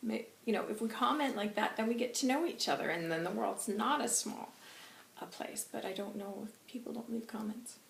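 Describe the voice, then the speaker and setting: A woman's voice: a little high, fairly quick, vocal fry. A woman channeller chatting through a monthly reading, rambling and laughing as she goes. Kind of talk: casual spoken reading. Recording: roomy with faint hiss.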